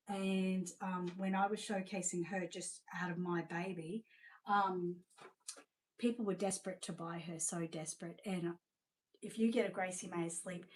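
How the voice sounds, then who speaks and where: A woman's voice: medium pitch, a little mellow, low-quality recording. Australian woman, seller-host, chatty and effusive live showcase delivery. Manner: chatty and gushing, many fillers. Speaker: seller presenting reborn dolls.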